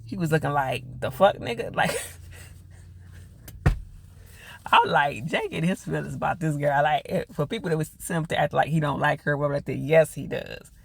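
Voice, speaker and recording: A man's voice: a little high, big pitch swings, normal speed, creaky, pauses often, fairly bright tone. A man recapping a TV episode in a chatty, slangy way, full of fillers. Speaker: TV reviewer.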